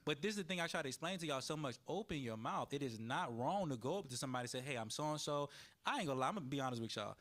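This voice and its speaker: Animated man moderating a panel. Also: mid-range voice, racing, few pauses. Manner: animated, acts out quoted people.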